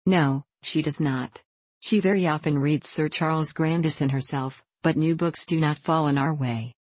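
A woman's voice: low-pitched, normal speed, a little mellow, dry recording. A woman reading aloud, voicing an earnest, innocent young woman in an audiobook. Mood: plain.

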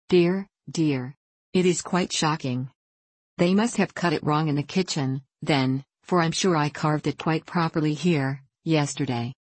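A reader voicing a fussy, querulous gentleman. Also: medium pitch, no echo, natural voice. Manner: doleful, complaining.

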